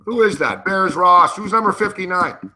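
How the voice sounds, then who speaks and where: A man's voice: high voice, expressive, normal speed, bright, forceful tone. A man hosting a sports betting show, giving live game commentary in an angry, profane, indignant rant.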